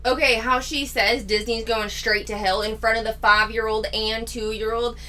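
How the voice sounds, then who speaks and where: A woman's voice: fairly high pitch, little pitch movement, moderate pace, pushed and bright. A woman hosting a reaction commentary, talking in a candid, critical and sarcastic way. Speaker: commentary channel host.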